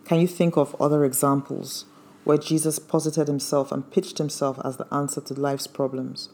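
Earnest mellow-voiced male preacher. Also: fairly high pitch, flat delivery, moderate pace. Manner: earnest, emphatic, quoting scripture. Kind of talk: sermon.

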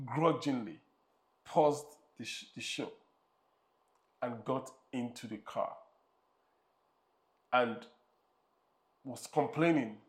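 A man's voice: fairly high pitch, gravelly. A man preaching a sermon as pastor, using rhythmic repeated phrases and rising emphasis, and acting out the voices of characters in a story.

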